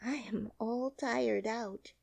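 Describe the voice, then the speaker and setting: A woman voicing an earnest, polite young girl in an audiobook, often speaking in a soft, breathy half-whisper. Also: fairly high pitch, slow pace, no echo, pitched above the performer's own voice, full character voice. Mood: weary. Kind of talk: audiobook character reading.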